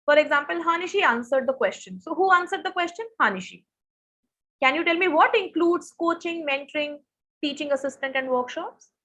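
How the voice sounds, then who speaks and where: A woman's voice: sits high, lively intonation, fairly quick, bright, forceful tone. A young woman teaching SAT grammar in a live online lesson, quizzing students and reading their answers. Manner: asks students questions, reads answers from chat.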